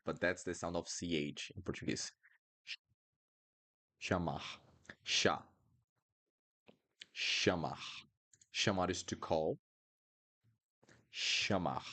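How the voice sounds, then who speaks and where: A man teaching pronunciation in a live lesson, repeating each word several times for students to copy. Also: low-pitched. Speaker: Portuguese teacher. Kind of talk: live online language lesson.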